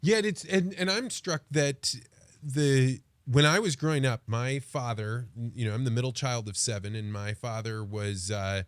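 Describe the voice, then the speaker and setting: A male podcast host of medium pitch who talks slowly and thoughtfully, often stopping to restart a sentence. His voice is recorded dry and close, with no room echo. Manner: reflective, halting, with frequent restarts. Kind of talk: casual interview chat.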